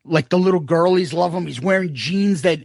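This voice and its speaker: A man's voice: high-pitched, brisk, vocal fry, darkish tone, dry recording, clean studio sound. A man co-hosting a podcast, telling a long rambling concert story in casual chat, full of quoted asides and swearing. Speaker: podcast co-host.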